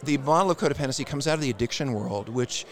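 A man's voice: mid-range voice, fast. A man appearing as a therapist guest on a podcast, speaking with blunt, emphatic conviction. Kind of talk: casual interview.

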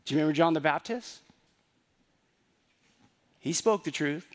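A man's voice: fairly high pitch, unhurried. Conversational man preaching a sermon. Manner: conversational preaching with rhetorical questions and repeated phrases. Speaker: pastor.

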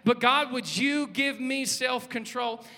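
A man, preaching a lively sermon, joking and calling out to the congregation. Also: very high-pitched, takes it slowly. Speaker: pastor. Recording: long hall reverb.

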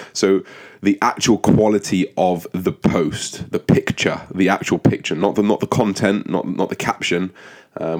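A young man hosting his own podcast in a casual, rambling and profane way, with lots of ums and restarts and a flat, monotone delivery. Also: deep voice. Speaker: podcast host. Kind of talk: casual solo podcast monologue.

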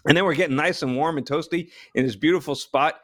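A man from New Jersey telling a long story as a guest, animated, with frequent restarts and laughter. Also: fairly high pitch, quick pace. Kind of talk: casual storytelling.

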